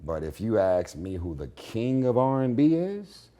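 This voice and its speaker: A man with a raspy voice giving blunt, confident opinions in a candid interview at his home. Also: lowish voice, sing-song, measured pace, mellow. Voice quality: raspy, gravelly voice. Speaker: interview guest, singer.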